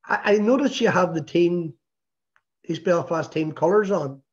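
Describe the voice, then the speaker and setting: A man's voice: sits high, unhurried. A man hosting an interview, asking rambling questions and teasing his guest. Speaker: interview host. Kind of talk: casual interview chat. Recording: dull lo-fi recording.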